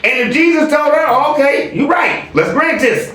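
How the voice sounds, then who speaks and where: A high, lively male voice, playful and slangy as he riffs on comments. He sounds a bit off the mic in a roomy, echoey space. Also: normal speed, distant mic, a little hiss or hum. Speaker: channel host. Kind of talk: casual commentary chat.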